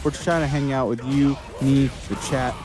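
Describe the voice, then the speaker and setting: A man's voice: medium pitch, steady tone, normal speed. A man co-commentating fighting game matches for a tournament stream, upbeat, with music underneath. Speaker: esports co-commentator. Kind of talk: play-by-play commentary.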